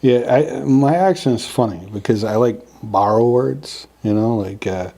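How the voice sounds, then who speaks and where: A man's voice: medium pitch, a little slow, creaky, warm tone. An older man with a Massachusetts accent, hosting a casual podcast chat and rambling with many fillers. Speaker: podcast host.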